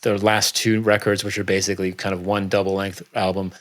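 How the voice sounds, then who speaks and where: A middle-aged man guesting on a podcast, talking in a relaxed, rambling way with many fillers. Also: low voice, fairly quick. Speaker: guest author. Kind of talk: casual interview chat.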